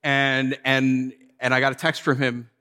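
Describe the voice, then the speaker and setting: A man in his thirties preaching a casual storytelling sermon as pastor, animated and acting out voices from his stories. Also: mid-range voice, measured pace. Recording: long hall reverb.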